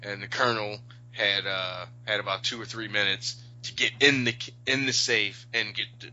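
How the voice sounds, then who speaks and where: Male podcast co-host, bright edgy tone, blunt and opinionated, dull audio. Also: lowish voice, fairly even intonation, moderate pace. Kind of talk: casual chat.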